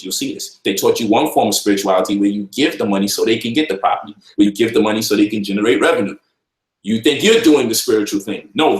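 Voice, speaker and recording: A man's voice: lowish voice, echoey room, poor audio. A man giving an informal finance lecture to online viewers, emphatic and repetitive, often checking in with the listener. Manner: emphatic, repeats points, asks "you feel me?".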